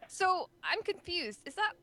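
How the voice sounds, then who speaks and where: A woman's voice: extremely high pitch, sing-song, a little slow, bright, forceful tone, a little hiss or hum. A woman playing in an online tabletop game, fretting over prices and laughing, her poor mic making her sound robotic. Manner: fretful about costs, laughing. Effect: robotic-sounding mic distortion. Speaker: player. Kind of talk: casual chat at a game table. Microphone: poor headset mic over voice chat.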